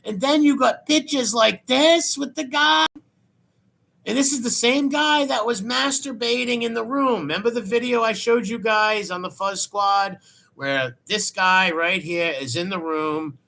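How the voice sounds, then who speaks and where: A man's voice: high voice, a little slow, creaky, pushed and bright. A man hosting a crude, sarcastic commentary show, mocking clips he plays. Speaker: host.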